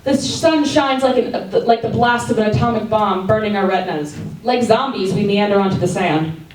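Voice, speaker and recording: A woman's voice: mid-range voice, moderate pace, a little mellow, a little hiss or hum. A woman at an open mic reading a reflective personal essay aloud in a coffee house, now and then restarting a phrase. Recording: echoey room from far off.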